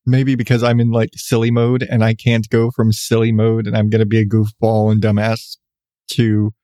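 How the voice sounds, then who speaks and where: A man's voice: fairly low pitch, monotone, moderate pace, mellow, no room sound. Male podcast host, middle-aged, stuffy-nosed and rambling, self-mocking, recorded dry and close with no room sound. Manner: rambling, self-deprecating, restarts often. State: congested. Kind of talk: rambling late-night solo chat.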